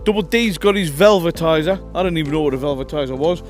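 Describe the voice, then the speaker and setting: A man hosting a casual outdoor camping vlog, joking and calling the viewers ladies and gentlemen. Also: on the high side, fast, faint music behind. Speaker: vlog host. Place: outdoors at a windy campsite.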